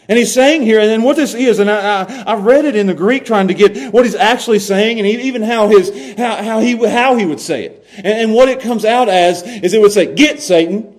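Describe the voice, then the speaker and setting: A man preaching a sermon as pastor, animated, swinging from loud to hushed and laughing often. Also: sits high.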